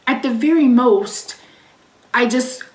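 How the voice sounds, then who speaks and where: This channel host's voice is a little high, slow and a little mellow, heard far from the mic in an echoey room. She vents casually about a frustrating phone call, swears, and pauses between sentences to read chat names aloud.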